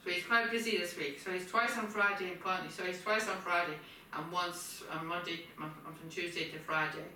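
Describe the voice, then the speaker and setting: A woman chats on and on in a casual home video, circling back to the same points again and again. Her voice is bright and a little rough from a frog in her throat. She sits back from the camera in a kitchen that rings with echo, a faint hum behind her. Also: fairly low pitch, steady tone, a little fast. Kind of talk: rambling casual monologue. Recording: echoey kitchen, distant mic.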